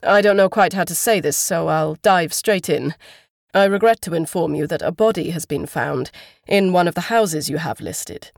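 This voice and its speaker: A woman voicing a polite, formal male police constable who speaks in measured official phrases. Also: lowish voice, vocal fry, dry recording, studio quality.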